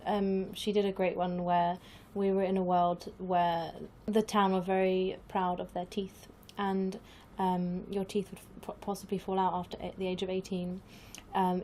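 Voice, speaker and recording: A woman's voice: mid-range voice, mellow, a little hiss or hum. Giggly woman, casual chat. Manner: giggly, laughs often; hesitant, many fillers. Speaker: podcast guest, improviser.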